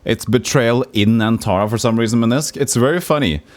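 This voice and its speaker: List: man, casual gameplay talk, joking, rambling, average pitch. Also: fairly quick. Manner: rambling, joking, mimics characters. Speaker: streamer.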